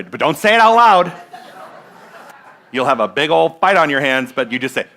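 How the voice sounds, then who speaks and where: Bright-voiced man giving a sermon. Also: fairly high pitch, very animated, normal speed, pauses often. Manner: conversational, asks the congregation questions. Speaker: minister. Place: church sanctuary.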